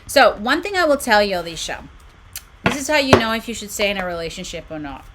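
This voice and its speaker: A woman's voice: medium pitch, big pitch swings, fast, very noisy. A woman hosting a casual livestream card reading from a room at home, chatting with viewers, reading out their comments and giggling often. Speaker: oracle card reader and channel host. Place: home room with her books on shelves behind.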